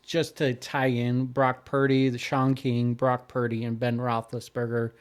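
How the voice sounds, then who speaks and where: A male podcast co-host reads through follow-up notes and lists in casual conversation, hesitating with fillers. His medium-pitched voice is smooth and monotone, with a measured pace.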